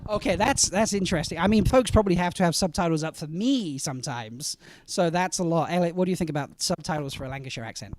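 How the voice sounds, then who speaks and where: A man hosting a live convention panel, chatty and quick with asides to the audience. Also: on the high side, lively intonation, a little hiss or hum. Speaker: panel host.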